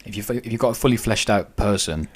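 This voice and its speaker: Male podcast co-host, very deep voice, measured and reflective. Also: breathy edge. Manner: thoughtful, weighs both sides. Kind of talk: casual discussion.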